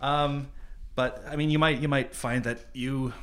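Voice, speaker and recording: A man's voice: mid-range voice, steady tone, unhurried, a bit bright. A man co-hosting a podcast in casual chat, wry and questioning, often laughing. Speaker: podcast co-host.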